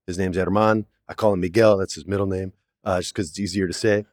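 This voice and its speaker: Talking fast in a low voice, a male actor in his forties spins stories as a guest in a casual interview, in person in the studio. He plays out the quotes with animation and often says "man." There's no echo, and the sound is clean.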